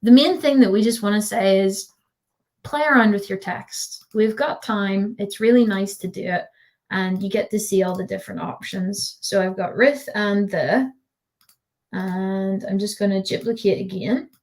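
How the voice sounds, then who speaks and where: A woman's voice: mid-range voice, moderate pace, a little mellow. Chatty woman teaching over a video call. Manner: chatty, giggly, lots of fillers. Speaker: tutor. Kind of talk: live online design tutorial.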